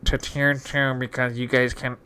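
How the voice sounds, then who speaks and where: A man's voice: medium pitch, level tone, normal speed, sharp tone, a little hiss or hum. Stammering man with lilt. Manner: stammering, repeats words often. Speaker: podcast host. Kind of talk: casual chat.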